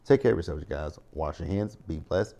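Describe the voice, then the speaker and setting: Man, 30s, low-pitched voice, casual vlog recap, opinionated, addresses viewers. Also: a little fast, gravelly, warm tone, muffled recording, slight background noise. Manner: chatty, opinionated, talks straight to viewers. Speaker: TV recap host.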